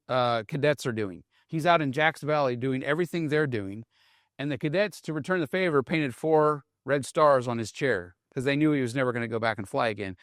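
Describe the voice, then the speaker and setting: A man giving a conversational talk on military leadership, animated and checking in with the audience as he tells the story. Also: medium pitch, dry recording, clean studio sound. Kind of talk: storytelling talk with read-out quotes.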